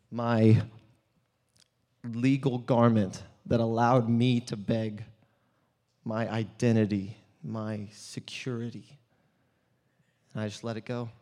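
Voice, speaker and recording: An actor playing an earnest, desperate blind male beggar in a dramatic first-person monologue, swinging between hushed and loud storytelling. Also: fairly low pitch. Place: church hall. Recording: long church hall reverb.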